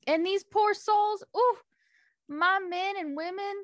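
A woman's voice: extremely high pitch, a bit bright, no echo, clean studio sound, voice pushed up, heavily acted. A woman voicing a flirty female elf druid with a put-on Southern US drawl. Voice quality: sultry drawl, drawn-out words. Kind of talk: tabletop role-play.

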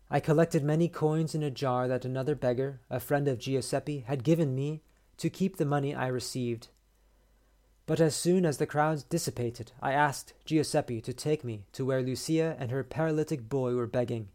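A man podcast host reading a short story aloud in a measured, steady way. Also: mid-range voice.

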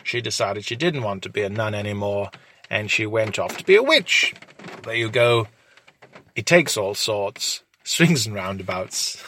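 Slow deadpan British-style male storyteller. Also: fairly low pitch, slight background noise. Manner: deadpan, crude and rambling. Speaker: storyteller host. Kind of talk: improvised comic narration.

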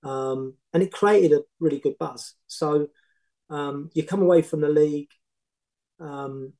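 Middle-aged man, mellow, animated storyteller. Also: fairly high pitch, a little slow, low-quality recording. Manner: animated, rambling anecdotes with many restarts. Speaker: former football manager, podcast guest. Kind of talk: casual storytelling.

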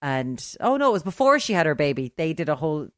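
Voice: medium pitch, very animated, dry recording, clean studio sound. A podcast co-host chatting casually and chiming in with quips. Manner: chatty, quick to chime in with quips.

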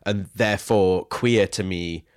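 A man's voice: low-pitched, steady tone, measured pace, clear, resonant tone. A young man co-hosting a casual podcast, reading out listener questions and laughing often. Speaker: podcast co-host. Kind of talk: casual chat.

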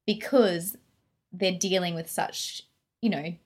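An animated, chatty woman talks through a film in a relaxed conversation. Her voice sits a little low for a woman. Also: takes it slowly. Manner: animated, chatty, laughs often. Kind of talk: casual film review chat.

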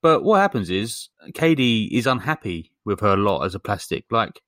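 A man with a lowish voice rambles through a story among friends, full of ums and little jokes. His voice is close and dry, with no room sound around it. He sounds like a podcast co-host chatting casually. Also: sing-song, moderate pace, fairly bright tone, no echo. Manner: rambling, many ums, jokey. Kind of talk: casual chat, retelling a film plot.

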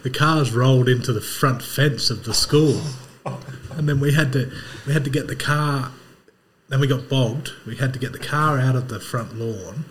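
A man, a podcast host telling a story in casual chat, animated and laughing as he talks. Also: medium pitch, moderate pace.

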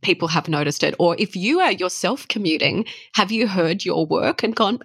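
A woman interviewer asks curious, chatty questions. Her voice is husky and lowish. The close mic gives a dry sound. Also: animated, moderate pace, a bit bright, dry recording. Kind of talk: conversational interview.

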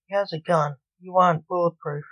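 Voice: mid-range voice, steady tone, brisk, a bit bright, dry recording, dull audio, close to an everyday voice. A woman voicing an irritable older male stage magician who scolds his son. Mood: scolding.

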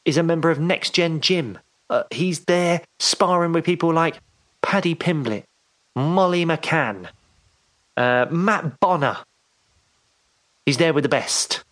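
A man co-hosts a casual podcast. He keeps his voice soft and hushed on purpose. He stays chatty and laughs often. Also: a little high, slow, long pauses. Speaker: podcast co-host.

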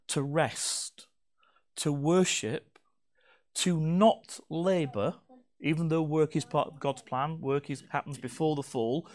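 A pastor gives a sermon at the front of a church hall, joking with the congregation between points in a playful, teasing way. His voice sits a little higher than most men's.

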